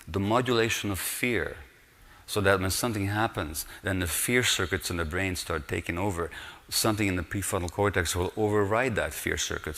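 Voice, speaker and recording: A man's voice: deep voice, fairly bright tone. A man in his sixties giving a public lecture, earnest and emphatic, with rhetorical questions to his audience. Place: lecture hall. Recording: long reverb of a lecture hall.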